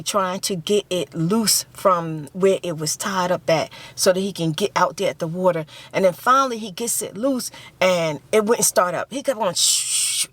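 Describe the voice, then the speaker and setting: Woman vlogger, mid-pitched, emotional storytelling with lots of repetition. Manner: emotional, repeats phrases, acts out screams and quotes. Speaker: ASMR vlogger. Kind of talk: casual storytelling.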